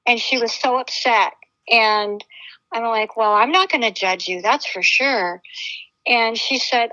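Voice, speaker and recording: High bright-voiced woman telling a story. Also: moderate pace. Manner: chatty, repeats quoted dialogue. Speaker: guest eyewitness. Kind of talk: casual storytelling conversation. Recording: dull lo-fi audio.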